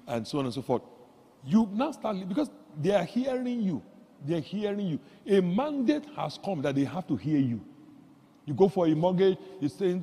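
A man preaching a sermon, swinging from quiet asides to loud exclamations and leading the congregation in call-and-response. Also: normal speed, husky. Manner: animated, jumps from low asides to loud exclamations. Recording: long hall reverb.

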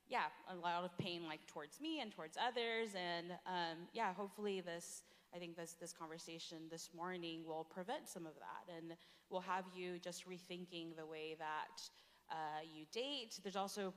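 A woman's voice: fairly low pitch, a bit bright, in a large hall. A young woman giving a chatty, casual talk at a retreat, full of fillers and laughter. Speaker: campus ministry speaker.

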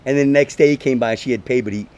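A man's voice: mid-range voice, racing. A man in his thirties hosting a casual podcast, telling stories loosely with swearing. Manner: swearing, animated storytelling with voices. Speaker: podcast host and comedian.

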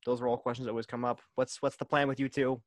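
A man's voice: medium pitch, little pitch movement, quick pace. A man hosting a casual podcast chat, steering the talk through a list of topics. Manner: steers the topics, lists items. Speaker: podcast host.

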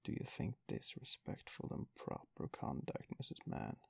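A man's voice: a little slow, a little mellow, no room sound, natural voice. Mr Bumble, a man doing a pompous beadle. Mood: indignant. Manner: blustering, self-important. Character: pompous stout choleric male parish beadle.

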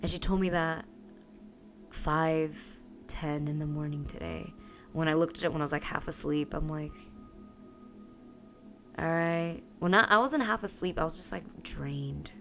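A woman's voice: low voice, unhurried, pauses often, a bit bright, soft background music. A young woman co-hosting a podcast, telling a story in casual chat, swearing freely and laughing often. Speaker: podcast co-host.

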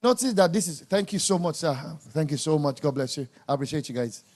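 A man's voice: fairly high pitch, lively intonation, fast, a little mellow. A man preaching a sermon, emphatic and scolding, repeating words for stress.

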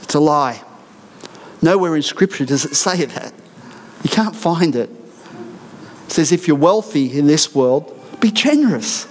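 A man's voice: fairly high pitch, measured pace, slight background noise. A middle-aged man, a senior pastor, preaching a sermon in an earnest, emphatic way with repeated declarations in a church. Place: church auditorium.

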